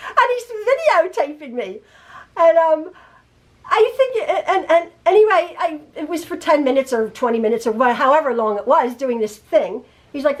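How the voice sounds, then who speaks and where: A woman's voice: extremely high pitch, sing-song, normal speed. A middle-aged woman teaching quilting from her home sewing room, chatting casually and stammering and repeating herself as she goes. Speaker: quilting teacher and channel host. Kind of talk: rambling casual chat and sewing tutorial.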